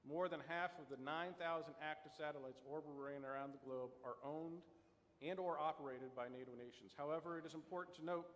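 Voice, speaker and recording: A man's voice: fairly high pitch, a little hiss or hum. A man giving a prepared talk as a conference panel speaker, with a storytelling manner and wry asides. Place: conference hall. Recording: long hall reverb.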